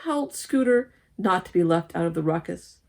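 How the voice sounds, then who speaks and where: A woman reading a children's story aloud at a church service, lively and expressive, with asides to the listeners. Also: on the low side, normal speed, vocal fry. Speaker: lay speaker at a church service.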